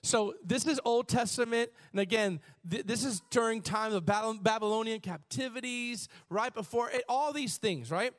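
A man's voice: high voice, moderate pace, few pauses. A man preaching a sermon, reading scripture aloud and calling on the congregation to respond, with bursts of emphasis. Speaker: pastor.

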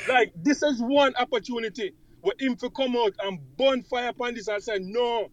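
A Jamaican man with a very high voice argues indignantly on a discussion panel. He stumbles over repeated words and drifts into patois as he gets heated. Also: moderate pace, low-quality recording. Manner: indignant, repetitive, switching into patois.

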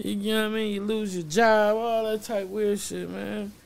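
A man's voice: high voice, flat delivery, moderate pace, gravelly, smooth. A man as a guest in a casual chat, laid-back and profane, chiming in with agreement.

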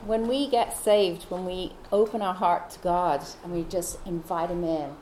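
A woman's voice: lowish voice, steady tone, moderate pace. A woman leading a retreat session, speaking to the group in an encouraging way and restarting briefly now and then. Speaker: retreat leader. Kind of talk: warm-up commentary to a group. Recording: echoey room with noise behind.

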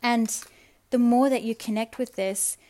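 A woman hosting a spiritual self-help podcast, speaking in a soft, earnest, coaxing way and slowing down for affirmations. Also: on the high side, fairly even intonation. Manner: addresses listener affectionately. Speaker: podcast host.

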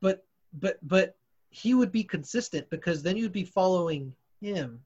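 A man co-hosting a casual podcast chat, animated and profane, often stammering as he restarts his sentences. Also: sits high, normal speed, husky. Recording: muffled lo-fi sound.

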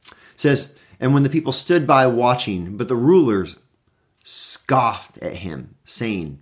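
A man's voice: medium pitch, slow pace. Earnest man teaching a Bible devotional. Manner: earnest, animated scripture reading with restarts. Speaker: pastor.

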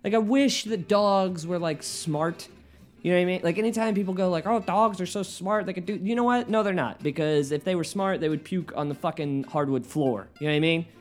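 A man hosting his own podcast from his living room, rambling and swearing, often flaring into yelling. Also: fairly high pitch, fairly quick. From United States. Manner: profane, rambling, flares into yelling. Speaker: podcast host and stand-up comedian. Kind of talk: solo podcast rant.

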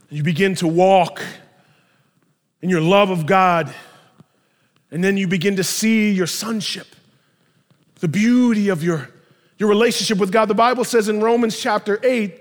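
A male pastor preaches with animated, emphatic storytelling. His voice sits high for a man, and a long reverb from a large church hall trails each phrase. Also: a little slow, pauses often. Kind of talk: sermon.

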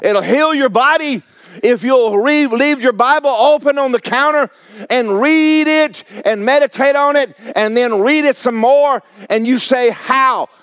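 A man's voice: very high-pitched, a little slow, fairly bright tone, clear, resonant tone, no echo, clean studio sound. A man preaching a sermon, folksy and fiery, repeating phrases for emphasis. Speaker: pastor.

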